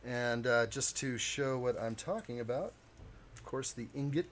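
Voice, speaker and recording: A man's voice: medium pitch, moderate pace, a little hiss or hum. A man hosting a live stream, chatting casually with viewers while he builds a model kit.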